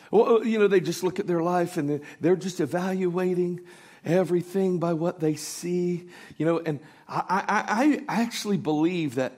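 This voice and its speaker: A man preaching a sermon, telling a story and building to loud, emphatic peaks. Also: fairly high pitch.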